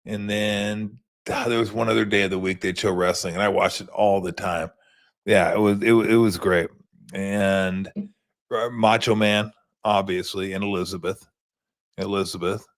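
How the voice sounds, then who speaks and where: Male host, fifties, low voice, relaxed, rambling, casual postgame talk. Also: moderate pace. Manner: laid-back, rambling storyteller. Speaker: sports show host.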